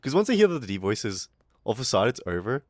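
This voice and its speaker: A man's voice: lowish voice, sing-song, fast, dry recording, studio quality. A young Australian man chatting casually on a livestream, rambling, swearing and laughing often, his throat a little irritated. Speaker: VTuber streamer.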